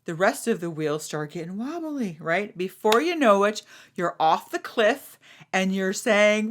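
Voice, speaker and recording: A woman's voice: mid-range voice, lively intonation, measured pace. A middle-aged woman hosting a podcast, talking frankly and animatedly, swearing freely and acting out what others say. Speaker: podcast host. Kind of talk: casual talk.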